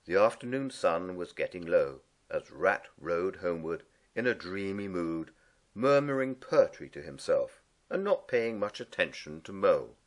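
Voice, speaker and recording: A man reading a storybook aloud as narrator, slow and expressive. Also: low-pitched.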